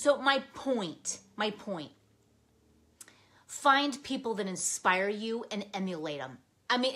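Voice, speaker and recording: An older woman hosting a live planner stream, chatting in a gushing, excitable way, with frequent "okay?" and bursts of laughter. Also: on the high side. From Nebraska, US. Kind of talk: casual live-stream chat.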